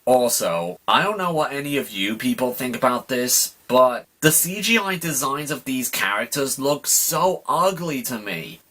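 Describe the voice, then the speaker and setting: A man's voice: medium pitch, expressive, unhurried, few pauses, bright, forceful tone. Exasperated sarcastic man ranting. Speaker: YouTube reviewer. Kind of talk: ranting voice-over commentary.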